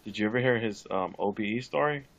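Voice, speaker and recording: A man with a low, gravelly voice speaks as a podcast guest. He retells a story loosely, filling it with "like" and casual swearing. The talk is offhand and unscripted. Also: fast talker. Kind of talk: casual chat.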